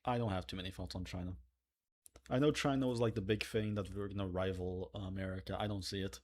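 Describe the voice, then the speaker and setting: A man's voice: low-pitched, fairly even intonation, fast. A man hosting a livestream in casual chat, reading donations aloud with joking asides. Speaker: livestream host.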